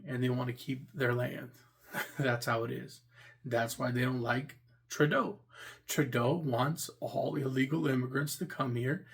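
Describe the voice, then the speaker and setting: A man's voice: medium pitch, gravelly. A man from the United States, talking his opinions in a rambling, repetitive way as a vlogger. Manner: rambling and repetitive, restarts phrases. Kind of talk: casual opinion monologue.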